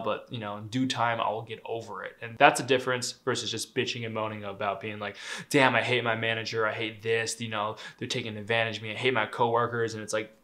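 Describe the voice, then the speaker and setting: A man's voice: lowish voice, sharp tone. A young man giving relationship advice in a casual, candid monologue, swearing freely, laughing lightly mid-sentence and tossing in "right?" asides.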